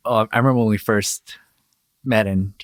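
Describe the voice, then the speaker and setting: A man's voice: lowish voice, fairly even intonation, normal speed, clean tone, dry recording, studio quality. A man hosting a podcast interview, reflective, summing up his guest's points. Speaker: podcast host. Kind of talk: casual interview.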